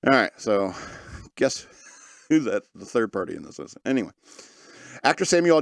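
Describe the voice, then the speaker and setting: This is a man hosting a comedic news podcast, reading stories and interrupting them with sarcastic, mocking remarks. He has a mid-range voice, and the clean studio recording has no echo.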